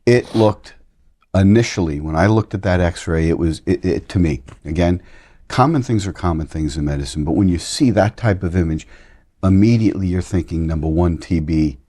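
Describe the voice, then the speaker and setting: Casting note: deep, mellow man, family doctor guest, measured and explanatory. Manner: measured, explanatory, clinical wording. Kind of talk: casual conversation.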